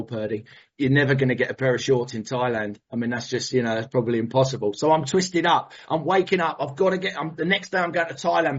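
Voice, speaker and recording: A man telling a personal recovery story at a meeting, animated and swearing, with vivid storytelling and emotional emphasis. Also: fairly high pitch, husky, lo-fi sound. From England.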